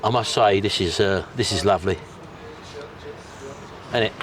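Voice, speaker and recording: A man's voice: on the low side, normal speed, a little hiss or hum. A man from England, chatting casually to camera with jokes and teasing while walking outdoors on a seafront. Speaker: travel vlogger.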